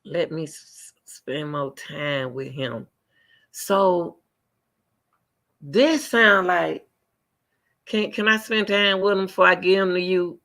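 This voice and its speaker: A man doing live reaction commentary on a video, animated and talking straight to his chat. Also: sits high, slow, long pauses. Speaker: commentary streamer.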